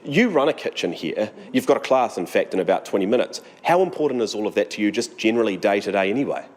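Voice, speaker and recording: A man's voice: fairly low pitch, expressive, fast talker. Chatty New Zealand man in a reverberant kitchen. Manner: chatty, upbeat, eating while talking. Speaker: reporter. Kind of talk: live cooking segment. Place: cooking school kitchen.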